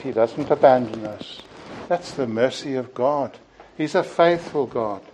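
A male preacher delivering a sermon at an unhurried, measured pace. His voice is mellow and soft-edged, and his tone is earnest and deliberate as he rounds off points with a gentle "you see". A faint hum of room ambience sits behind him. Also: mid-range voice, low-quality recording. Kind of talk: evening sermon.

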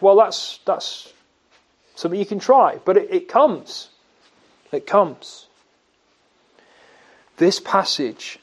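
A man preaching a sermon, asking his listeners questions and answering them himself, and slowing down to stress key words. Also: high voice, a little mellow. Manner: slow, emphatic delivery on key words.

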